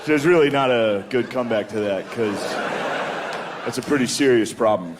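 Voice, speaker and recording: A man's voice: medium pitch, normal speed. A man doing a stand-up comedy set, laid-back and profane, tossing in "dude" constantly. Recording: live club recording with crowd laughter and noise.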